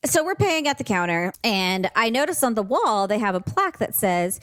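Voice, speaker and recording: A woman's voice: a little high, brisk, hardly any pauses, no room sound. Casual woman podcast host, dry close sound. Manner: animated storytelling, swearing. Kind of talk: casual chat.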